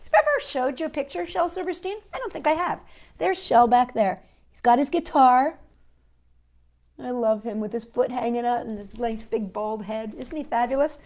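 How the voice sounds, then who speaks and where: High-voiced woman hosting children's storytime. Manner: gentle, talks to a puppet and young viewers. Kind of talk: storytime reading and sing-along for children.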